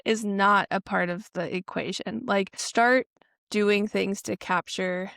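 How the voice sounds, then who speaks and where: A woman's voice: mid-range voice, steady tone, slow pace, creaky, fairly bright tone, dry recording, clean studio sound. A woman hosting a podcast interview, speaking in a reflective, affirming way. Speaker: podcast host. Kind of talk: interview conversation.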